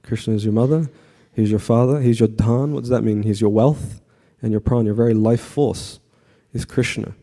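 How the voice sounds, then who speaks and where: A man giving a conversational devotional class to a temple audience, often asking the audience questions and pausing with fillers. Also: on the low side. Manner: frequent fillers and restarts, relaxed.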